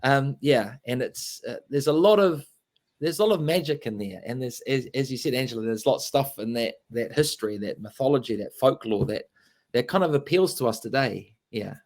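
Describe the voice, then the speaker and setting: A man's voice: medium pitch, a little fast, a little mellow. Man, English accent, author guest, casual interview chat, rambling, fillers and restarts. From England. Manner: rambling, many fillers and restarts, laughs often.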